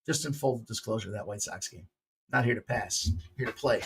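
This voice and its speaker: A man hosting a sports betting picks show, talking casually in a loose, jokey way with bursts of loud excitement. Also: lowish voice, moderate pace, gravelly, slightly rough.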